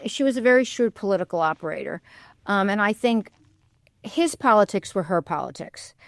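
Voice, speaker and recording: A woman's voice: medium pitch, expressive, fairly quick, vocal fry, no room sound. A woman historian answers interview questions in a thoughtful, candid way, weighing each opinion aloud and admitting what she doesn't know. Her voice sits mid-range for a woman and is captured close on a studio microphone with a dry, dead sound. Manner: thoughtful, candid, hedging with "I think". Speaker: historian and author as guest. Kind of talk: public radio interview. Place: radio studio.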